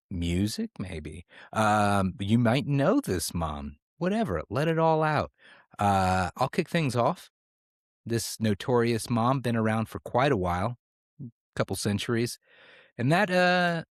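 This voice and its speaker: A man's voice: mid-range voice, no echo, clean studio sound. A man co-hosting a comedy podcast, rambling in a playful, mock-serious way. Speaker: podcast co-host. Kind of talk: casual comedic podcast chat.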